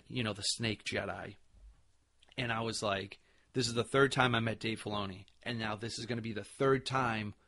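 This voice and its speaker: A man hosting a podcast, telling a convention story in an excited, animated way with many fillers. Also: medium pitch. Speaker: podcast host. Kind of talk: casual storytelling recap.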